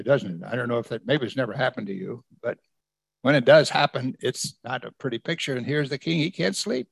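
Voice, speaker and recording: A gravelly, fairly bright medium-pitched male voice belongs to a pastor giving a conversational sermon, captured in a dry recording. He takes the scripture verse by verse and puts questions to those listening.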